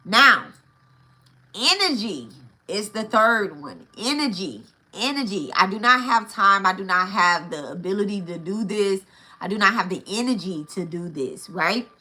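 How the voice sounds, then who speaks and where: Woman, spiritual teacher, bright ringing voice, casual and profane, repeats herself for emphasis. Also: medium pitch. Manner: blunt and profane, with frequent checks of "right?" and "okay?"; repeats key phrases for emphasis.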